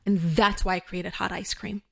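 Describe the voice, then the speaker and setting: An American woman in her fifties is a guest in a casual interview, telling stories animatedly with frequent laughter and exclamations. Her voice is fairly low and creaky, at a moderate pace.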